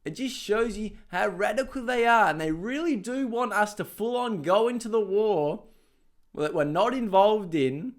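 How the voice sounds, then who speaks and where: A man's voice: sits high, normal speed. An Australian man ranting sarcastically in a reaction commentary vlog, laughing often and swearing, seated at home. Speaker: political commentator. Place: home dining room, seated.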